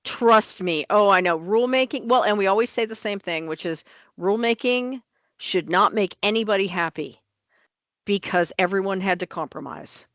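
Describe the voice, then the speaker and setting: A woman's voice: medium pitch, normal speed, a bit bright, no echo. A woman on licensing office staff, talking through rule changes at a board meeting in an emphatic, plain-spoken way.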